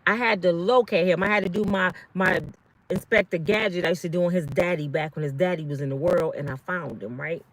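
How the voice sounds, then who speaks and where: This is a middle-aged woman with a slightly low-pitched voice, talking straight to her live-stream audience. She tells a personal story in an earnest, pleading way, circling back and repeating herself as she goes. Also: a little fast, slight background noise. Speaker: vlog host.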